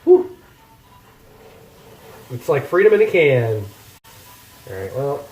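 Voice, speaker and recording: A man's voice: mid-range voice, big pitch swings, takes it slowly, darkish tone, reverberant, a little hiss or hum. A man chatting casually to his viewers while cooking in a home kitchen, rambling and poking fun at himself. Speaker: cooking streamer. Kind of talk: casual cooking chat with live chat.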